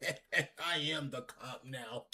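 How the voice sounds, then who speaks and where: A man giving excitable, laughing, slangy pack-opening commentary, talking to the game and cards as he goes. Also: mid-range voice, extremely slow. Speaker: gaming video creator.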